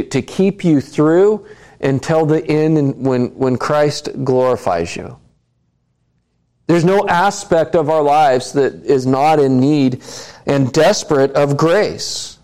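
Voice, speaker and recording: A man preaching a sermon at an unhurried, measured pace. His voice is warm and mellow, and he keeps putting questions to the congregation and repeating lines for emphasis. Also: fairly high pitch. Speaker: pastor.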